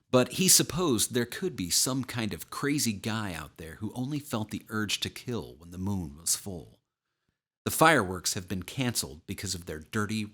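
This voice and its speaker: Low-voiced male audiobook narrator. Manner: measured, steady storytelling.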